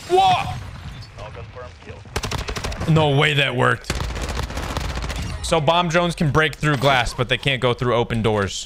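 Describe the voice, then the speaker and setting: A man giving excitable, joking gameplay commentary with sarcastic trash talk while playing a shooter game. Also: lowish voice. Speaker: gaming video creator. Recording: loud game gunfire behind voice.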